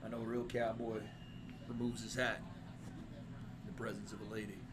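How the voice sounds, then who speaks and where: A man voicing a swaggering, flirtatious cowboy in a low put-on drawl, joking around on a livestream. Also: level tone, fairly quick, background noise, natural voice. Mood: courtly. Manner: courtly, boastful, teasing.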